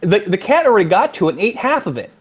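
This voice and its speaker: This Californian man, a game designer with the local accent, is an interview guest telling stories in a casual chat, animatedly acting out quotes from the people involved. He talks fast in a high-pitched voice, with slight background noise.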